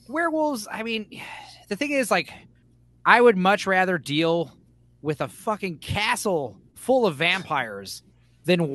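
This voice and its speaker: A man with a notably high voice, talking loosely on a podcast. He rambles, swears often and throws himself into acting things out. It sounds like a relaxed chat between friends. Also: no room sound. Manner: rambling, animated, swears freely, acts out scenes. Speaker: podcast co-host.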